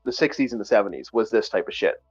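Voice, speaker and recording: A man hosting a casual online book-review chat, emphatic and animated, repeating himself often. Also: lowish voice, quick pace, slightly rough, muffled recording, soft background music. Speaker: podcast host.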